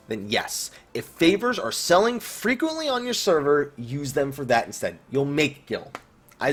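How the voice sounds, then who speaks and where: A man's voice: mid-range voice, slightly rough. A man hosting a casual viewer Q&A about online games, blunt and swearing freely. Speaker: YouTube host answering viewer questions.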